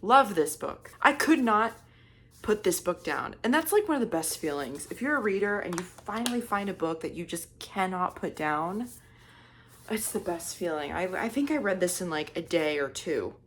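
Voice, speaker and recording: A young book vlogger chats casually, wandering off on tangents, joking at her own expense and sometimes dropping into a whisper for emphasis. Her voice is fairly low and fairly bright, with lively intonation at normal speed.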